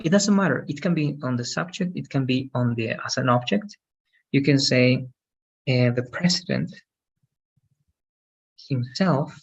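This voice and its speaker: A man's voice: medium pitch, creaky, lo-fi sound. A man teaching English grammar one-on-one, explaining patiently and checking for understanding with frequent "okay?".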